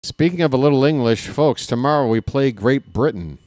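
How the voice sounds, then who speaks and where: A man calling a baseball game live in a casual play-by-play style, chatty and candid, drifting into personal asides between the pitches. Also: a little fast, darkish tone, no room sound, studio quality. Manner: candid and self-deprecating. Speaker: play-by-play announcer.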